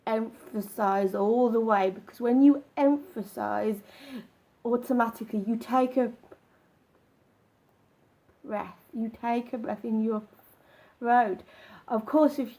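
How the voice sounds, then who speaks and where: A woman giving casual advice to camera, talking in halting, broken phrases with frequent restarts. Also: a little high, steady tone, darkish tone. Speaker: vlogger.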